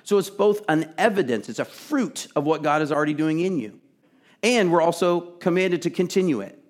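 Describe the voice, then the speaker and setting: Earnest preacher, high for a man. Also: animated, moderate pace. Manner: earnest, emphatic, conversational preaching with asides; drops to a soft, intimate tone to plead. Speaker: pastor. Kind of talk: sermon.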